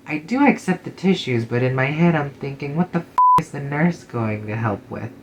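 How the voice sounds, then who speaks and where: A man's voice: fairly low pitch, fairly even intonation, fairly quick, a little hiss or hum, poor audio. A man reading a first-person story in a casual, sarcastic way, swearing freely. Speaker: narrator.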